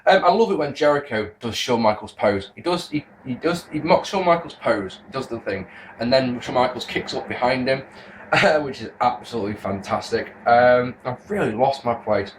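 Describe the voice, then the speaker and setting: Animated man rambling through a review. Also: medium pitch, moderate pace, a little hiss or hum. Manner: rambling, self-interrupting, excitable. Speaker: wrestling video reviewer. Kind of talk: casual spoken review to camera.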